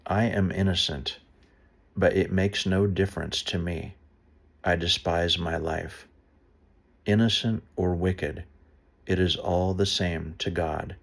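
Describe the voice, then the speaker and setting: Man, very deep voice, gravelly, unhurried bible reading with asides. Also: steady tone. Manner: slow deliberate reading, stops to explain footnotes. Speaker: Bible reader.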